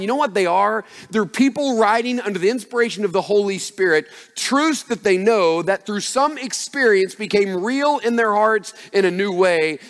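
Preaching man in a big reverberant hall. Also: high-pitched. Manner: emphatic preaching, builds up to loud passages. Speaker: pastor. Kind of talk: sermon. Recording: long reverb of a large hall.

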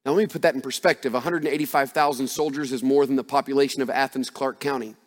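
A man's voice: medium pitch, fairly even intonation, fast. Preaching man in a big reverberant hall. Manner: emphatic preaching, builds up to loud passages. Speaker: pastor. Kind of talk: sermon. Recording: long reverb of a large hall.

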